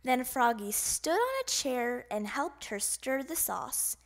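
A woman reading a children's picture book aloud in an animated, expressive way. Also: sits high, slow. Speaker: storybook reader. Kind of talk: children's storybook read-aloud.

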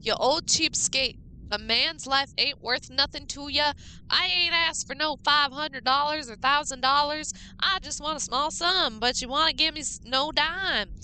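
A woman's voice: sits high, unhurried, pushed and bright, a little hiss or hum, pitched above the performer's own voice, heavily acted, poor audio. A woman reading a note aloud in a put-on drawl as an indignant widow who demands money.

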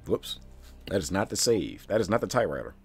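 A man's voice: deep voice, sing-song, a little fast, faint music behind. A man giving casual, profane commentary while playing a video game, grumbling and talking back to the game itself. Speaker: streamer.

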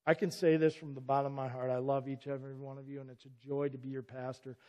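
A man's voice: mid-range voice, flat delivery, fast talker, darkish tone. A middle-aged man preaching a sermon as pastor, earnest and emphatic, often cutting in with "listen" to press a point. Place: church sanctuary. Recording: long church reverb.

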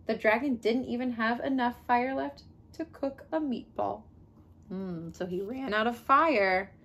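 A woman reading a picture book aloud to children, adding gentle, chatty asides. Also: fairly high pitch, measured pace. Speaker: children's read-aloud host.

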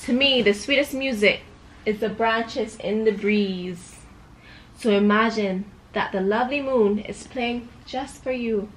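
A woman reading a storybook aloud, voicing a gentle, wise male cricket in a soft, kindly tone. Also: a little high, measured pace, slight background noise, lightly acted, rough recording. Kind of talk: reading a picture book aloud.

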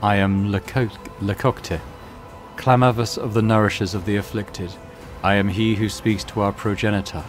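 A creepy, serene mutant cult priest from a video game murmurs his sermon in a low voice, as a man reads him out. Faint music runs underneath. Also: fairly even intonation, moderate pace, natural voice. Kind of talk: reading game dialogue aloud.

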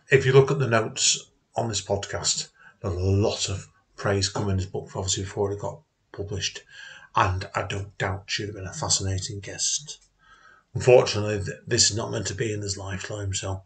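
A man hosting a podcast, speaking in a casual, sincere way as he signs off. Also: lowish voice. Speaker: podcast host. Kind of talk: podcast outro.

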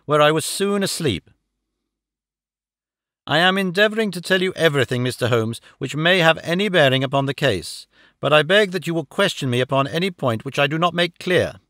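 A man narrating a classic detective story as an audiobook, reading in a measured, dramatic first-person way into a close microphone. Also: on the high side, sharp tone, dry recording. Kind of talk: scripted narration.

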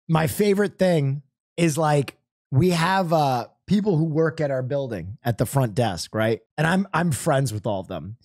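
A male streamer spins a casual, self-mocking story, dropping curses along the way. His pitch leaps up and down with animation. The close mic sounds dry, with no room around it. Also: lively intonation, unhurried, a little mellow, no echo.

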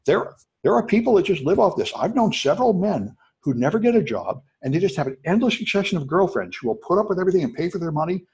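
A man lecturing a college class at a rapid clip, words tumbling out one after another. His voice has a husky, slightly rough edge, and he keeps the talk loose and animated. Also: high-pitched. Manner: animated, talks fast to students with asides. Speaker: college instructor.

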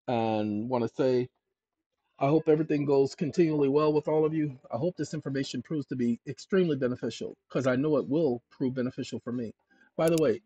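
A fairly high-pitched man hosts a channel, explaining legal procedure with emphasis in a conversational way and thinking aloud as he looks over documents. He calls viewers ladies and gentlemen. There's no echo; the recording is dull, dry and lo-fi.

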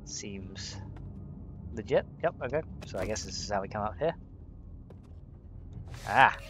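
A young man giving a let's play commentary, chatting as he plays with sudden excited exclamations. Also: lowish voice, a little slow, background noise. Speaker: gaming video host. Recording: game sounds with insect buzz behind.

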